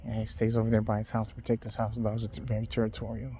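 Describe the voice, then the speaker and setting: A man's voice: fairly low pitch, completely flat delivery, dark tone, a little hiss or hum. Rambling man on a night walk. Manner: loose, unhurried rambling with trailing restarts. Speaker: vlogger. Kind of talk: casual rambling walk-and-talk. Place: outdoors at night on a street. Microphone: phone held in hand.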